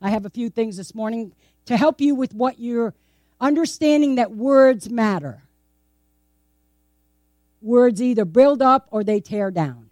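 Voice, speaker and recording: Playful and conversational, a female pastor preaches at church, firing off rhetorical questions and frequently breaking into laughter. Her voice is on the high side with a darkish tone, captured at studio quality without any echo.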